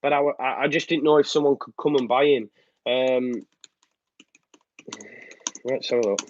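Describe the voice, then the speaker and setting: A man's voice: mid-range voice, fairly even intonation, unhurried, no echo. A man hosting a live fan show, chatting casually, reading out viewer comments and rambling with lots of ums. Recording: slightly muffled dry sound.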